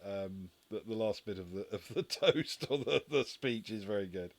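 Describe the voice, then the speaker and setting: A man's voice: on the low side, expressive, moderate pace, vocal fry. A man narrating a tabletop game as game master, hesitant with many fillers.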